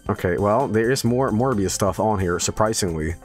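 A man's voice: fairly low pitch, moderate pace, soft background music. A man streaming live, joking casually with lots of swearing and laughter. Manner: profane, joking, often laughing.

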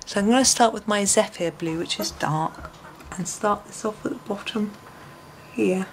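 A woman's voice: medium pitch, moderate pace, a little hiss or hum. Chatty woman musing while colouring. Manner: chatty, musing to herself, frequent ums. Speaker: colouring tutorial host. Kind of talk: relaxed voice-over tutorial, thinking aloud.

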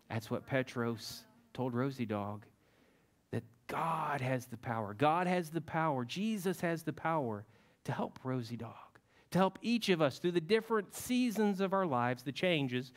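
A man leading a children's sermon in church, telling a folksy, animated story to the kids. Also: mid-range voice. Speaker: children's message leader at church. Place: church sanctuary.

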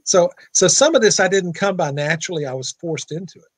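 Male guest, raised voice, animated storyteller, dry close mic. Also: high voice, fairly quick, breathy edge, dry recording. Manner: animated anecdote-telling with quoted dialogue. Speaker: guest attorney. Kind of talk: storytelling in an interview.

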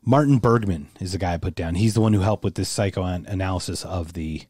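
A man co-hosts a casual podcast chat in a low, warm, mellow voice. He thinks out loud, circles back with restarts and leans hard on his points. The sound is dry and close, with no room. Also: brisk, dry recording. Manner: thinks aloud, rambling with restarts, emphatic. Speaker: podcast co-host.

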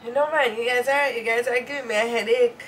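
A woman's voice: a little high, fairly even intonation, fast talker, fairly bright tone, slight background noise, poor audio. Woman with dry teasing remarks. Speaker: co-host, sister. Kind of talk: casual chat.

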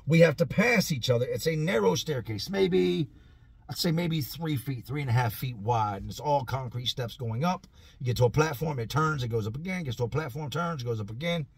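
A man tells a story from his own past in a loose, animated way and swears freely. His voice is husky and sits at a middle pitch. The recording is dry, with no room sound. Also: a little fast, no echo. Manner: animated, profane, conversational storyteller. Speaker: vlogger telling prison stories. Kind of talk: casual storytelling.

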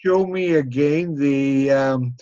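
A man hosting a talk speaks very slowly and haltingly, with fillers between his words. His voice is mid-pitched and comes through dull, lo-fi audio. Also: mellow, dry recording. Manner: slow, hesitant, with fillers. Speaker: host. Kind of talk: casual interview.

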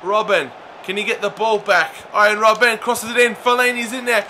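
Young man as gaming commentator: high, bright voice, excitable, bursts into shouts at near misses. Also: moderate pace, a little hiss or hum. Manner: chatty, addresses viewers as lads. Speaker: gaming YouTuber. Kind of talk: live video game commentary.

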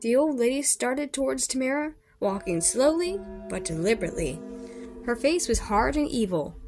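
Expressive woman reading aloud over music. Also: on the high side, normal speed. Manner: expressive, with small slips and rereads. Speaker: storybook reader. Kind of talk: reading a children's horror book aloud.

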